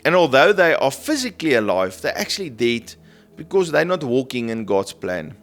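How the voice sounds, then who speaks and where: A man preaching a prophetic sermon in a gentle, earnest manner, often checking in with "okay?" and "right?". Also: medium pitch, sing-song, normal speed, soft background music. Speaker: prophetic minister. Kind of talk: sermon teaching.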